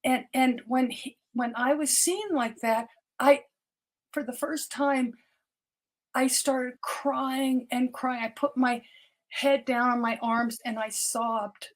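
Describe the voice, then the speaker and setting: Older lady doctor on a podcast, pretty high voice, earnest, stumbles and repeats words. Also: fairly even intonation, slow. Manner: earnest, repeats words when starting sentences. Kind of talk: personal storytelling interview.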